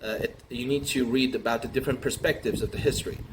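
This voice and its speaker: Rambling man, halting improvised monologue. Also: mid-range voice, steady tone. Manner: rambling, halting, full of fillers and restarts. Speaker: comedian. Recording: noisy recording with room ambience.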